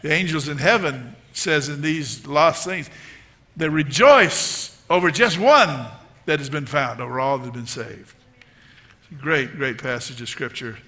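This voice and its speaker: A middle-aged man delivering a sermon as pastor. His voice rides a touch high and rings bright and forceful. He drives his points home by repeating phrases again and again. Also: unhurried. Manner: emphatic preaching, repeating phrases for emphasis.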